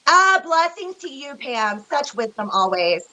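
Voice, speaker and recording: A woman's voice: high voice, big pitch swings, measured pace, pushed and bright, poor audio. A woman co-hosting a psychic reading livestream, talking emotionally and directly to the chat viewers. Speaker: psychic reader and co-host.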